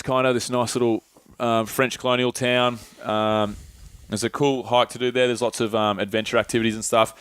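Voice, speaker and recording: A man's voice: mid-range voice, fairly bright tone, smooth, no echo. A young Australian man casually telling travel stories, rambling and swearing with lots of filler words. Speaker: podcast co-host. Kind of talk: casual chat, travel storytelling.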